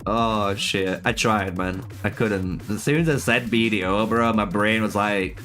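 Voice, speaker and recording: A man's voice: fairly low pitch, steady tone, unhurried, hardly any pauses, a bit bright, soft background music. A man streaming a game live, chatting casually with viewers, swearing a lot, laughing often and calling them bro. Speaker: gaming streamer.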